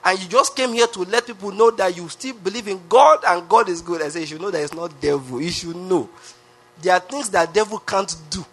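A man's voice: high-pitched, lively intonation, fairly quick, faint music behind. A man preaching a sermon, emphatic, with lots of repetition and rhetorical questions. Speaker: pastor.

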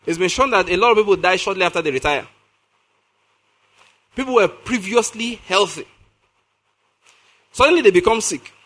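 In an expressive sermon, a preacher with a bright, high, ringing voice works slowly through a scripture reading and explains it. Emphasis comes through repeated key phrases. He often pauses to ask his audience questions.

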